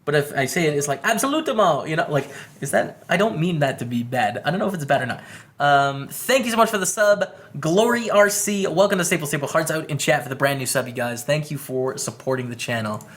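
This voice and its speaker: A man's voice: fairly high pitch, brisk, fairly bright tone. A man with a Canadian English accent gives upbeat, chatty commentary on his poker hands while streaming live and greeting viewers by name.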